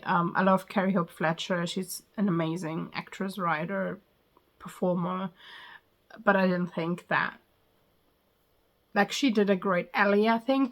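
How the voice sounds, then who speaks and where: Woman, casual book review, chatty, lots of ums and likes, mid-pitched. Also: a bit bright.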